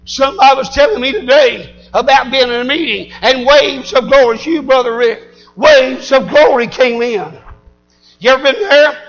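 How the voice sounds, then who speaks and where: A man preaching a sermon, shouting in call-and-response style. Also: extremely high pitch, normal speed, highs cut off, soft background music.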